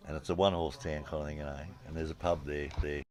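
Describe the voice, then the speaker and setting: An Australian man telling pub stories in casual chat, swearing freely and getting loud at the punchlines. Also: a bass voice, quick pace. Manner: animated yarn-spinner, swears freely, rises loud at punchlines. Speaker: storytelling guest.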